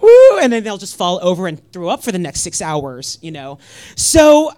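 Animated, profane woman doing stand-up. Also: lowish voice, normal speed. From Northern California. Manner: animated, profane, acts out voices. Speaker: stand-up comedian. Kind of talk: stand-up comedy set.

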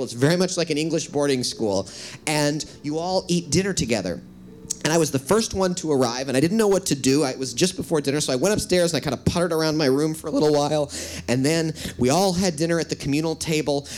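A man's voice: fairly high pitch, slight background noise. A man from the Midwest, an author, telling a self-deprecating personal story with wry asides.

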